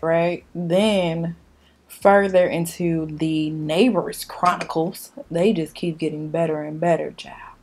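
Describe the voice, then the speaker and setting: A young woman, ranting in a blunt, profane storytime while she does her makeup at home. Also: fairly low pitch. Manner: animated, blunt, profane storytelling with reenacted dialogue. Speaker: beauty vlogger. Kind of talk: casual storytime chat during a makeup tutorial.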